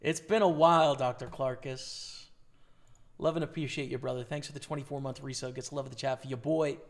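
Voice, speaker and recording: A man's voice: medium pitch, steady tone, brisk, gravelly. A man with a Canadian accent commentating his own poker play on a live stream, chatting casually and hyping up his viewers. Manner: casual, hyped shout-outs to chat.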